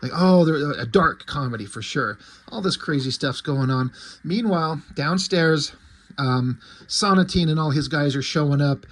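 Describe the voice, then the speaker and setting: A man talks through a comic book in casual chat. He rambles, jokes and swears, in a voice a bit higher than most men's. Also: lively intonation, normal speed, fairly bright tone.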